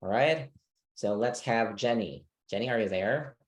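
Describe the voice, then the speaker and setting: A man's voice: fairly low pitch, a little slow. A man teaching an online English speaking class, patient and checking that students understand.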